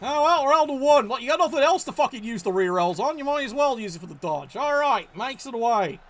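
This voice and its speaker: A man's voice: very high voice, expressive, quick pace, slight background noise. A man giving live play-by-play commentary on a game, profane and exasperated, scolding the players.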